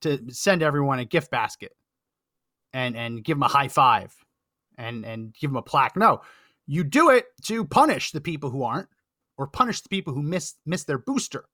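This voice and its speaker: A man's voice: medium pitch, expressive, normal speed, pushed and bright, no echo, clean studio sound. A man hosting a political podcast, reading out a long list of names with sarcastic asides that drop to a mutter.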